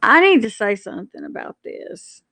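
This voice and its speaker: A woman's voice: a little high, huge pitch swings, normal speed, vocal fry, sharp tone, no echo. A woman ranting on a live stream, indignant and stumbling over her words as she restarts sentences.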